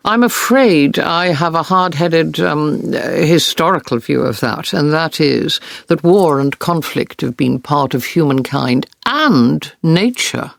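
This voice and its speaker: A woman's voice: low-pitched, expressive, slow, vocal fry, hardly any pauses, no room sound. A woman war correspondent earnestly recounting vivid experiences in an interview. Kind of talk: interview storytelling.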